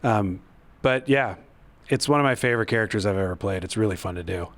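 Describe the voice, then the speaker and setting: A man, the show's co-creator and voice actor, chatting in a casual interview, laughing often and joking quickly. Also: lowish voice, fairly bright tone. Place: studio at a convention.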